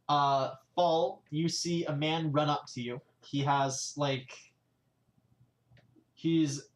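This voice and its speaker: Rambling man game master, lots of fillers. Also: mid-range voice. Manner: loose, filler-heavy, restarts a lot. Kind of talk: narrating a live-streamed tabletop game.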